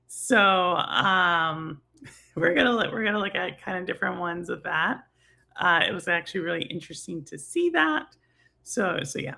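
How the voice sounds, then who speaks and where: A woman's voice: lowish voice, gravelly, pushed and bright. A middle-aged woman from Texas with a Texan accent, hosting a casual gaming talk stream and rambling with lots of fillers and laughs. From Houston, Texas. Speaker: livestream host.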